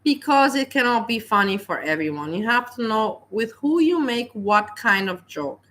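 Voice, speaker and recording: A woman with a bright voice hosts a livestream and gives casual reaction commentary on videos. She talks earnestly and says the same point more than once. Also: fairly high pitch, expressive, moderate pace. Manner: earnest, repeats herself. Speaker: livestream host.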